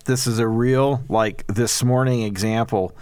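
A man of medium pitch talks in an earnest, preachy way, laying out his points in long explanatory runs. His voice is smooth and resonant. He is recorded close on a dry mic with no room sound. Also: steady tone, measured pace, a little mellow, no echo. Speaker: podcast co-host. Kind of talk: casual faith-based recovery talk.

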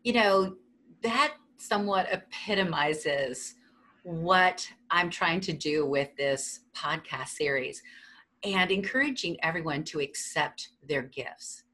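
A woman's voice: low-pitched, slow. A woman hosting a podcast, asking encouraging questions and praising her guest. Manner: warm, encouraging, leading questions. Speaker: podcast host. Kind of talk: interview hosting.

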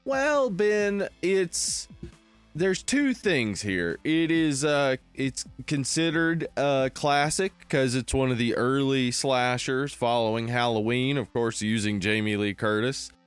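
Man from New Jersey, podcast co-host, rambling, laughs a lot, smooth voice. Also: mid-range voice, slow pace, dry recording, soft background music. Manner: laughs often, rambling with fillers. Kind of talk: casual movie chat.

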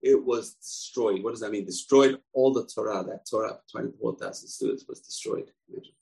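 A man teaching through an animated storytelling lesson. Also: fairly low pitch, brisk, gravelly, low-quality recording.

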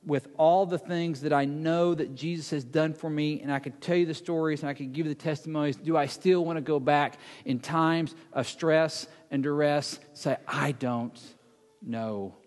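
The long reverb of a big hall carries a preacher's fairly high voice as he turns scripture into drama, voicing the story's characters. His intonation stays fairly even at a normal speed, and he drops to a hush for emphasis.

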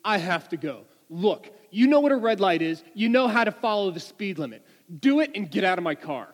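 A man's voice: high-pitched, very animated, a little fast. A man voicing an irritated, stern male state trooper who barks questions, in an echoey hall. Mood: impatient. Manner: barking questions.

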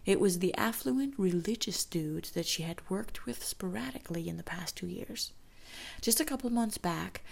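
Gravelly woman telling a story. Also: mid-range voice. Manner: intimate, slows down for emphasis, drops into whispers. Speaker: storyteller and teacher. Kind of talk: storytelling narration.

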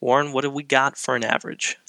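Male podcast host, gravelly edge, bright tone, casual and unhurried. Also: mid-range voice, dry recording. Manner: relaxed, thinks out loud with restarts.

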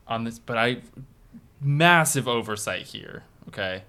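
A man's voice: mid-range voice, lively intonation, a little slow, sharp tone, clear, resonant tone. A man who is a guest on a podcast in casual chat, jokey and enthusiastic, swearing now and then.

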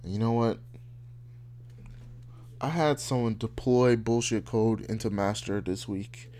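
A man's voice: medium pitch, takes it slowly, warm tone. Young guy venting on his podcast, swears a ton, blunt and heated. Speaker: podcast host. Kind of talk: casual rant.

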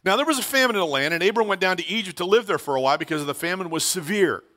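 A man's voice: high-pitched, lively intonation, rapid-fire, bright, forceful tone. A middle-aged man preaching a sermon in a conversational way, asking rhetorical questions and repeating key phrases. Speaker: pastor.

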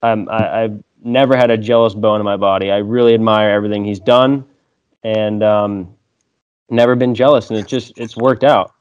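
A young man chatting as a podcast guest, relaxed, laughing often and swearing freely. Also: lowish voice, normal speed, smooth, lo-fi sound. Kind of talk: casual conversation.

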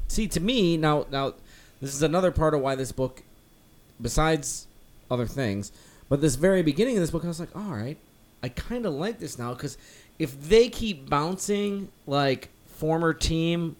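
A man co-hosting a comic book podcast, talking casually and rambling with many fillers and restarts. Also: on the high side. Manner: rambling, lots of "like" and restarts, acts out characters loosely. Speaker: podcast co-host.

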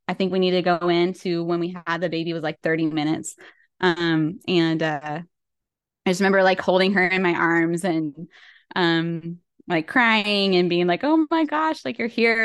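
A woman's voice: lowish voice, clear, resonant tone, no echo. A woman guest on an interview podcast, telling a personal story in a chatty way with many fillers and small laughs. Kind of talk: casual storytelling.

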